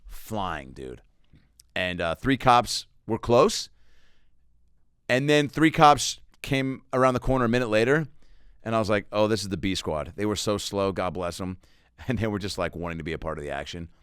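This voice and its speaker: Low, smooth-voiced comedian riffing. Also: male voice, a bit bright, dry recording, clean studio sound. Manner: loose, profane, riffing with silly voices. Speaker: comedian podcast host. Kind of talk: casual comedic monologue.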